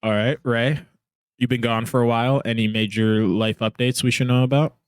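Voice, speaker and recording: A man's voice: medium pitch, fairly even intonation, moderate pace, clear, resonant tone, dry recording. A man hosting a casual podcast, trading teasing jokes with his guests. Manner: joking, teasing banter. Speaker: podcast host.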